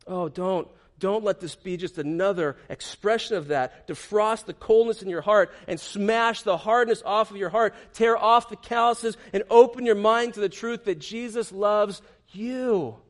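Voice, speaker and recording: A man preaching a passionate sermon and quoting scripture, who swings between loud urging and hushed, tender moments. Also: high-pitched, unhurried, hardly any pauses. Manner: quotes scripture verses. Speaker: pastor.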